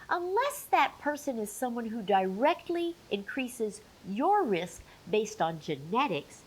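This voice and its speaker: Woman with lively, high voice explaining. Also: low-quality recording. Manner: clear, emphatic explaining with playful asides. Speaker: menopause educator. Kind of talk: educational video talk.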